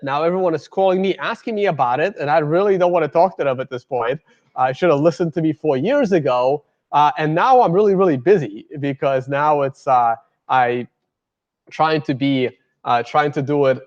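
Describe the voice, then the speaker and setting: A man giving a casual live lecture with slides, rambling with many fillers and restarts. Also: a little high. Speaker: guest speaker. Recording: dull lo-fi lecture recording.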